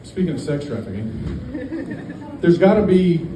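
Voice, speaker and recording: A man doing a stand-up set in a brewery, deadpan and rambling, with lots of fillers. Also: high voice, slow, background noise. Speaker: stand-up comedian. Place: brewery stage. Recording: echoey room, distant mic, faint ambience.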